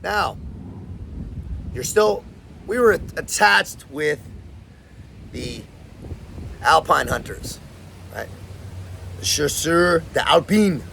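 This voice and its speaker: Brief: a Californian host telling stories in casual slang, rough gravelly tone with a faint hiss behind. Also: male voice, a little high, lively intonation, slow, pauses often, fairly bright tone. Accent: Californian American. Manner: slangy, laid-back, says man and bro a lot. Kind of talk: casual storytelling.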